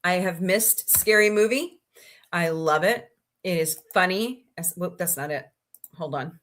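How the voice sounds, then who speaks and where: A woman hosting a casual livestream rambles along, sounding sniffly and greeting viewers by name. Her voice sits on the low side, a little slow, and the sound is a bit bright.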